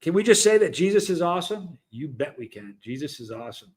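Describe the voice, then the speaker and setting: A man's voice: a little high, very animated, brisk. A man hosting a casual livestream, chatting loosely and reading out viewer comments, often stopping and restarting mid-sentence. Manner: chatty, rambling, self-interrupting. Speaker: livestream host.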